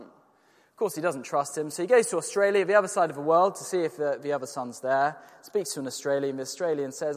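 A man's voice: a little high, animated, fairly quick. A man preaching a sermon, earnest and emphatic, with rhetorical questions. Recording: long church reverb.

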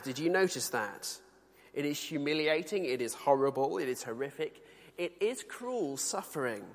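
A man from the UK preaching a sermon in a conversational, earnest way, slowing down to read scripture. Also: on the high side, a bit bright, long reverb tail. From United Kingdom.

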